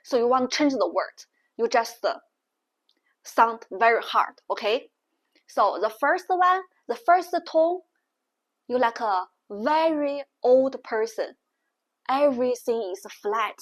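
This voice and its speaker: A woman teaching Mandarin tones in a language lesson, explaining slowly and deliberately. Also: a little high, animated. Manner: slow, deliberate explaining with exaggerated tone demonstrations.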